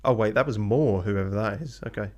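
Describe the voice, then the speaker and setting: A man's voice: fairly low pitch, a little fast, lo-fi sound. A man streaming a video game live. He chats casually and offhandedly, swears now and then and mutters asides to himself.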